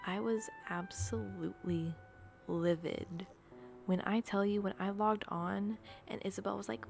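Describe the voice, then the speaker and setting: A tired young woman chatting casually in a vlog, ranting in a dramatic, exaggerated way with low energy. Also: fairly even intonation, measured pace, gravelly, darkish tone, slight background noise. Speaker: video creator. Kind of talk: casual gaming vlog chat.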